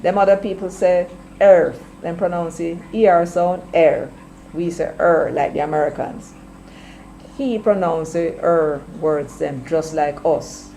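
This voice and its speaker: A Jamaican woman hosting casual commentary, chatty, slipping between patois and English, her throat a little hoarse. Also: on the low side, measured pace, dark tone, slight background noise, low-quality recording. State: slightly hoarse, clearing throat. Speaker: commentary channel host.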